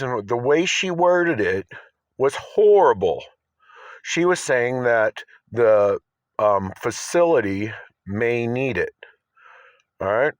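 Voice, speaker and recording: A man's voice: mid-range voice, expressive, slow pace, no echo. A man vlogging to camera, agitated and insistent, often asking "all right?". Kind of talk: rambling self-filmed monologue. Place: outdoors by his car.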